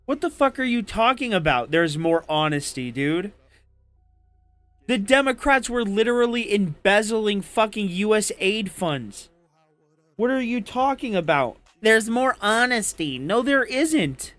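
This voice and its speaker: Man in a heated political argument, high voice, profane and insulting, dry close mic. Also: lively intonation, a little slow, fairly bright tone, no room sound, faint music behind. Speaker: debate participant.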